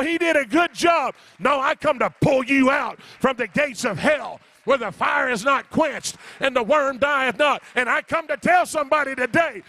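A man's voice: extremely high pitch, gravelly, no echo. A middle-aged man, preaching an urgent revival sermon as an evangelist, pressing and repeating his calls to the congregation. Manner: urgent exhortation, shouting, repetitive calls.

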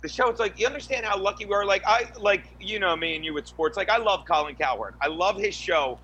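Profane rambling high-voiced man. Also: fast, bright, forceful tone, highs cut off, slight background noise. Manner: many restarts and fillers. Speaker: podcast co-host, guest. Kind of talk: crude casual podcast chat.

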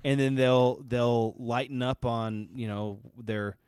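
A man's voice: mid-range voice, fairly even intonation, slow pace, darkish tone, clean tone, dry recording. A man co-hosting a podcast in casual chat, rambling with many restarts and fillers. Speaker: podcast co-host.

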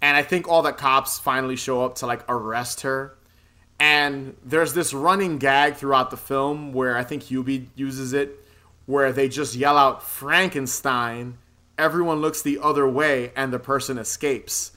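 A man's voice: medium pitch, steady tone, moderate pace, pushed and bright. A man casually recapping a movie plot in a podcast chat, rambling, swearing freely and laughing often. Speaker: podcast co-host.

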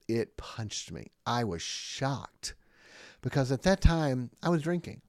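A man's voice: on the low side, a little mellow, dry recording, studio quality. A man giving a Bible lesson in a sermon-like way. He is emphatic and drives his points home with rhetorical questions and repetition. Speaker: podcast preacher and jail Bible teacher.

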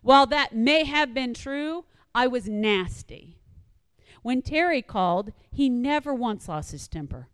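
A woman's voice: on the high side, measured pace, clean tone, no echo, in a large hall. A woman telling a personal story in a sermon-like devotional talk, acting out quoted lines and repeating points for emphasis. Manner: animated retelling with quoted asides, emphatic repetition.

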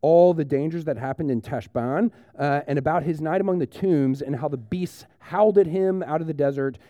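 A man, preaching a conversational sermon and retelling a story with lively restarts. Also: fairly high pitch, dry recording, highs cut off. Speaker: pastor.

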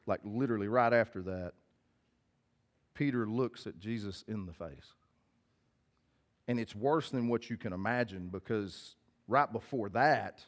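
A male pastor giving a casual, direct sermon, reading scripture aloud and then explaining it to listeners. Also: lowish voice. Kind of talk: conversational sermon.

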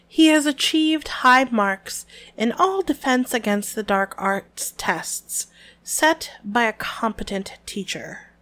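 A woman's voice: a little high, lively intonation, normal speed, lightly acted. Woman reading as a stern, clipped old professor. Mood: icy. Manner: crisp, clipped delivery through gritted teeth. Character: stern older woman professor, brisk and dry. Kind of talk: reading a novel aloud on a podcast.

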